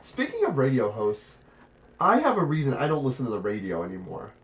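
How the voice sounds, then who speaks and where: A man's voice: medium pitch, fairly quick. A middle-aged man co-hosting a board game podcast, telling stories in casual chat and acting out quoted voices. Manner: animated storytelling with quoted asides. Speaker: podcast co-host. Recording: distant dull podcast audio.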